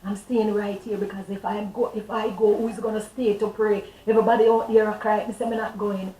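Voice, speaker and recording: A woman's voice: medium pitch, level tone, brisk, mellow. A middle-aged woman, a guest on a talk show telling her testimony with fervent, emotional storytelling. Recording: roomy echo, distant mic, faint ambience.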